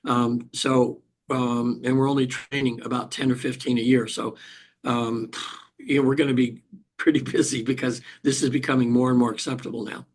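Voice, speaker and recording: An older man, a hypnotherapist guest, tells a personal story in an interview, halting with frequent restarts and throat clearing. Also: mid-range voice, little pitch movement.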